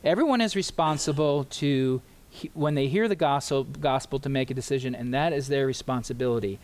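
A man preaching in a church with earnest, pleading emphasis. He draws out key words slowly as he speaks to his congregation. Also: medium pitch, darkish tone. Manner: addresses the congregation and tells a story. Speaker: pastor. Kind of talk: sermon.

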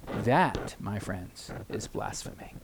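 A man preaching in a church with earnest, pleading emphasis. He draws out key words slowly as he speaks to his congregation. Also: on the low side, sing-song, gravelly, background noise. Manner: addresses the congregation and tells a story. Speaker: pastor. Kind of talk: sermon.

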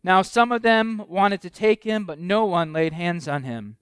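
A man's voice: sits high, unhurried, a bit bright, clean tone, no room sound, studio quality. A man preaching a conversational sermon as pastor, posing rhetorical questions and building emphasis.

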